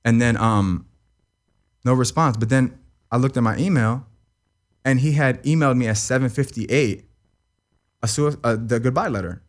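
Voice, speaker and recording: A young man, a guest in an interview, recounts a painful personal story in a medium-pitched voice at a moderate pace, pausing often. He rambles, repeats himself, swears, and keeps asking "you know what I mean." It's an emotional personal account.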